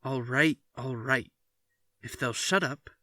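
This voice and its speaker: Resolute storybook father, read by a man, slow, dry delivery. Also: medium pitch, pushed and bright, no echo. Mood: stern. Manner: firm, emphatic declarations. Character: stern father, uneasy then firm and forceful. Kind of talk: reading a story aloud.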